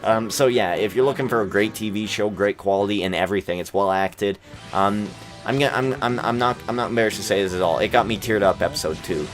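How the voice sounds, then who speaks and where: A man's voice: fairly low pitch, fast, faint music behind. A young man hosting a gaming video, chatting casually and rambling with lots of fillers and restarts. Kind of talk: casual chat over gameplay. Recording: crowd noise from the game behind. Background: basketball game crowd.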